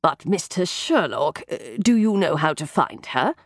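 A woman's voice: deep voice, sing-song, unhurried, breathy edge, dry recording, exaggerated voice. Deferential butler, voiced by a woman, hesitant and polite, dry close mic. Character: polite doubtful male butler.

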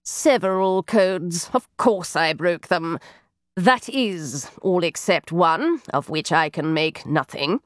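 A woman's voice: on the low side, lively intonation, takes it slowly, no room sound. Proud male detective, read by a woman, clipped and assured, dry close sound.

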